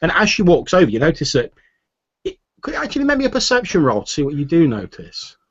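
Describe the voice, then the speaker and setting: A man's voice: on the high side, huge pitch swings, quick pace, slightly rough, no room sound. A man narrating as game master, rambling with many fillers. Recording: dull lo-fi recording.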